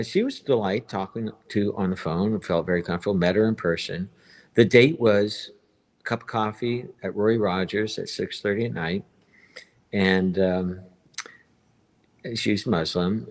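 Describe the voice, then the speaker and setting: A man in his fifties telling a long personal story on a live stream, rambling and circling back to repeat himself. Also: lowish voice.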